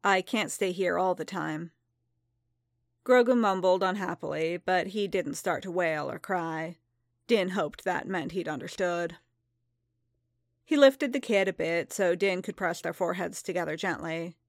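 A woman narrating a story aloud in an even, calm reading voice. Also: fairly low pitch, moderate pace, no room sound, studio quality. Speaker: reader.

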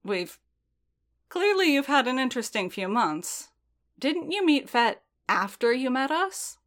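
A woman reading aloud and voicing a brash young female warrior who talks a little higher and quicker than the narration. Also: big pitch swings, a bit bright, heavily acted. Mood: sheepish. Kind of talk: fan fiction audiobook reading.

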